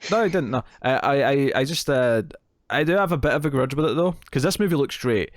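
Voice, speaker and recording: A man's voice: medium pitch, lively intonation, a little fast, no room sound, clean studio sound. Rambling man in his thirties. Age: 30s. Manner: rambling, self-deprecating, joking. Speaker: co-host. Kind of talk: casual film discussion.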